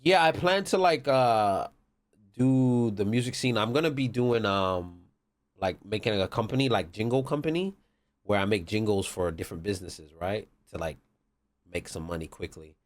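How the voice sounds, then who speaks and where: A man's voice: lowish voice, lively intonation, normal speed. Podcast guest: casual, rambling male storyteller with many fillers. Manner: rambling, lots of "like" and "whatever".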